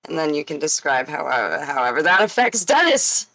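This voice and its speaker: A woman playing a tabletop game, describing her character's actions in an unhurried way. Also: low voice, big pitch swings, pushed and bright, poor audio. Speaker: player.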